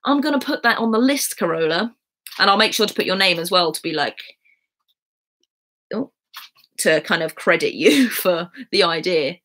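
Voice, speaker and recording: A woman's voice: lowish voice, lively intonation, normal speed, long pauses, a bit bright. A young English woman chatting casually on a live stream at home, reading out and answering viewers' questions with easy laughs. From England. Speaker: YouTuber answering chat questions. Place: at home in bed.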